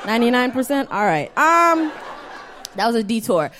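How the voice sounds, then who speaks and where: A young adult woman performing a live stand-up set in a small venue, animated and self-mocking, often laughing at her own jokes. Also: fairly high pitch, normal speed, a little hiss or hum. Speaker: stand-up comedian.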